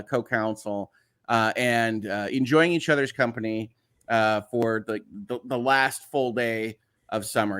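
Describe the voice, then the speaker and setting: A man's voice: mid-range voice, fairly bright tone. A man with a slightly nasal Chicago accent, hosting a casual livestream, reading viewer messages aloud and rambling along with lots of "uh" fillers and restarts. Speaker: livestream host.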